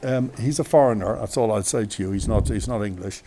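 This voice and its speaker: A man's voice: lowish voice, fairly quick, mellow. An Irish man, a radio host, telling a long chatty story outdoors on a windy day, full of asides and restarts. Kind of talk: rambling anecdotal storytelling. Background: wind.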